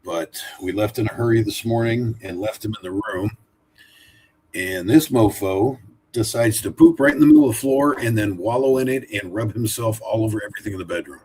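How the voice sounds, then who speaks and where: A man's voice: lowish voice, fairly quick, mellow, a little hiss or hum. A man hosting a casual live stream from home, rambling and chatty while he talks to his dog. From Oregon, USA. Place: home room, sitting in a wooden chair.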